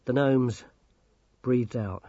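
A man narrating an audiobook in a measured, expressive way. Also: medium pitch, no room sound. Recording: dull, dry recording.

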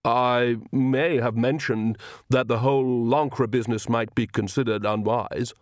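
A man's voice: mid-range voice, fairly even intonation, unhurried, no echo, studio quality, lightly acted. A man reading an audiobook, voicing a young male vampire who speaks defensively and hesitantly.

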